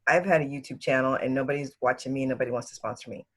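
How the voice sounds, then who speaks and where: A woman's voice: very deep voice, fairly even intonation, quick pace, slightly rough. A woman executive coach being interviewed, giving advice emphatically and repeating words for stress.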